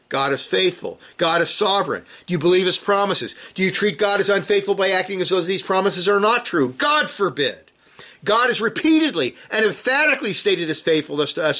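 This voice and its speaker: A man preaching with a bright, forceful voice pitched a little above the usual. He reads scripture aloud and presses his listeners with urgent rhetorical questions. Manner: reads scripture quotations aloud with rising emphasis. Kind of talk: sermon.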